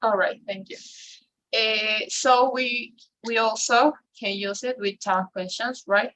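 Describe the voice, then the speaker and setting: A woman's voice: a little high, fairly even intonation, slow, a bit bright. Bilingual woman teaching English grammar. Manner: switches between English and Spanish, tags sentences with "right?". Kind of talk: online class explanation.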